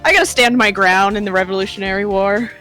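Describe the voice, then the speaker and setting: A woman's voice: medium pitch, quick pace, pushed and bright, faint music behind. A woman streaming a game with friends, tossing off dry jokes. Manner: dry, joking quips. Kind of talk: casual let's-play chat.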